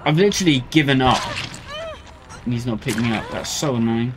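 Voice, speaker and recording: A man streaming gameplay commentary, ranting in frustration with loud swearing outbursts, game music behind him. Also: mid-range voice, fairly quick, background noise. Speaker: gaming streamer.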